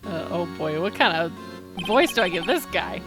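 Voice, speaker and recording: A woman's voice: lowish voice, animated, moderate pace. Giggly woman streamer with game music. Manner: giggly, self-mocking asides. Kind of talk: live game playthrough commentary.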